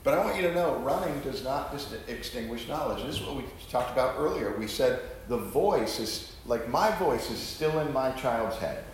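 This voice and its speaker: A man's voice: mid-range voice, expressive, normal speed, few pauses, slight background noise. Emphatic male preacher in an echoey room. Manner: earnest, emphatic, asks rhetorical questions. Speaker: pastor teaching. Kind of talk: sermon-style Bible teaching.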